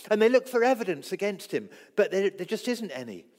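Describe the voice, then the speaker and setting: Man preaching, high and animated voice, acts out quotes and drops to a hush, long hall echo. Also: fairly quick. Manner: acts out quoted voices, swings loud and soft. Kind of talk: sermon.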